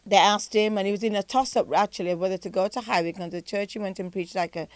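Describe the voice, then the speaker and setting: Older English-accented woman, lively storyteller, dry close sound, easy to cast as a guest reminiscing. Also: medium pitch, quick pace, no echo. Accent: British. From England. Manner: animated storytelling, laughs often. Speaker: podcast guest, pastor. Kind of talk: casual chat.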